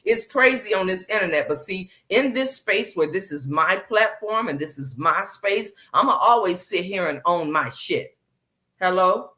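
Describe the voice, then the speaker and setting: A woman's voice: mid-range voice, expressive, normal speed, sharp tone. A woman hosting a casual live stream chat, greeting viewers by name and speaking emphatically, often repeating phrases.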